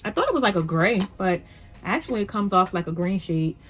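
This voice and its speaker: A woman beauty vlogger chatting straight to her camera at home, upbeat and a little rambling. Her pitch sits in a middle range for a woman. Soft music plays faintly behind her. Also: sing-song, brisk. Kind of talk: casual makeup tutorial chat.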